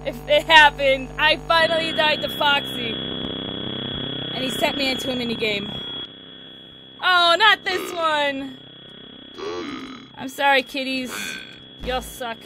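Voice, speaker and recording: A young woman hosting a let's play of a horror game, chattering excitedly and shrieking at scares. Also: sits high, normal speed, background noise. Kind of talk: excitable gameplay commentary. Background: game music.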